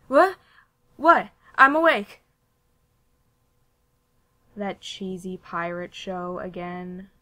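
A woman voicing a cold, scornful young girl who speaks in a flat, dry, contemptuous way. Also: on the low side. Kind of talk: cartoon voice acting demo.

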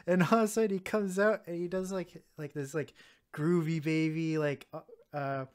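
Giggly podcast co-host, mid pitch. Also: steady tone. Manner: laughs often, halting restarts. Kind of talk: casual movie recap chat.

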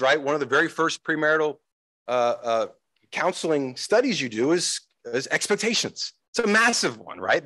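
A pastor, a man, preaching a sermon in an animated way, acting out the voices he quotes. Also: on the high side, no room sound, low-quality recording. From United States.

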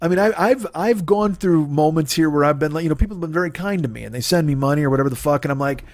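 A man in his forties hosting a podcast, delivering a profane, animated comedic rant and mocking people in put-on quotes. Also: fairly high pitch, very fast, no echo, studio quality. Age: 40s. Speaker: podcast host. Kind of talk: ranting comedic monologue.

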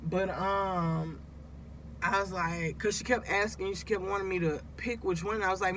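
Close to tears, a woman rambles in a casual confessional vlog, speaking straight to her viewers in a confiding way. Her voice is medium-pitched and fairly bright with fairly even intonation at normal speed, and there's slight background noise.

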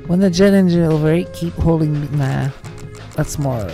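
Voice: mid-range voice, warm tone, soft background music. A gaming channel host giving live let's-play commentary, thinking aloud and breaking into panicky, swearing outbursts while playing. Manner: thinks aloud, reading game text slowly.

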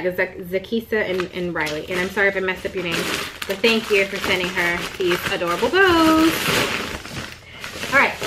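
A young woman, excitedly chatting while opening gifts for her baby daughter. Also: fairly high pitch. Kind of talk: casual unboxing chat. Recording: noisy home recording.

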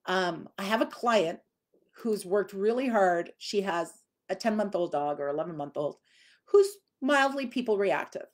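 A chatty woman talks through dog training tips in an easygoing live Q&A. Her voice sits at a middle pitch, and she slips into little acted-out voices to show how people and dogs behave. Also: animated, moderate pace. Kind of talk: live Q&A teaching.

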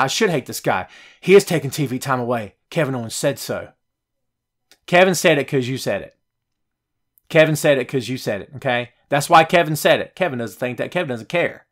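A man hosts a live wrestling talk show, his voice sitting a little high. He rants and argues with his viewers' comments, keeps asking whether they follow him, and sounds a bit winded from all the venting. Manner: animated, rhetorical, ranting to viewers. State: out of breath. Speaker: podcast host.

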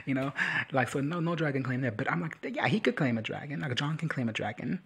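A young man riffs through a casual comedic recap with a crude, sassy tone, slipping into quick impressions. His voice is slightly husky and sits at an ordinary middle pitch. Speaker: reaction video commentator.

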